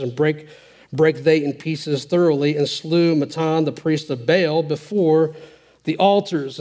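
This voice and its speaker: Male preacher with a high voice, animated sermon delivery, reading scripture and commenting on it. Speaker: pastor.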